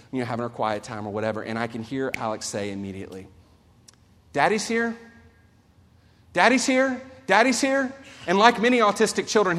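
A man in his forties preaching a sermon as a pastor, earnest and storytelling, swinging between loud and soft. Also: mid-range voice. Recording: long hall reverb.

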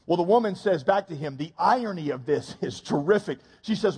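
High husky-voiced preacher joking. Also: male voice, expressive, darkish tone, in a large hall. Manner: joking, with quick comic asides. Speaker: pastor. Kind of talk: sermon.

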